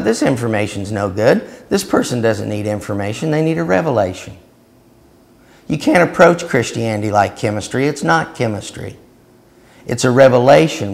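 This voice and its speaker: A man teaching a Christian seminar and telling a story, growing loud and animated as he acts out what he said. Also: on the low side, gravelly. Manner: storytelling, growing loud and animated when acting out his reply. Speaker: preacher.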